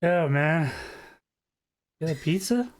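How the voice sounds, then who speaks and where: A spaced-out young stoner in a tabletop game, as a man puts him on. He talks in a lazy, dazed drawl, a little high in pitch, mellow and unhurried. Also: lively intonation. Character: laid-back stoned young male slacker.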